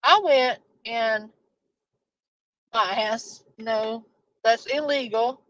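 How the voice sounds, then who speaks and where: A woman's voice: fairly high pitch, drawn-out words, a bit bright, no echo. A woman hosting a casual live stream, rambling and joking with plenty of swearing. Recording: dull lo-fi stream audio.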